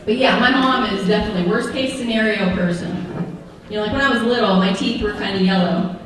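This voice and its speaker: A woman performing a stand-up routine, sarcastic and animated as she tells stories. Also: mid-range voice, fast talker, crowd noise. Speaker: stand-up comedian. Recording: echoey venue, mic far off.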